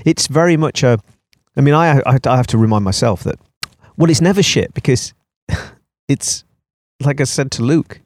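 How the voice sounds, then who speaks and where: A man's voice: medium pitch, lively intonation, moderate pace, darkish tone, no echo, studio quality. Rambling male podcast co-host. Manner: rambling, thinks aloud in loose trailing sentences. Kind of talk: casual podcast banter.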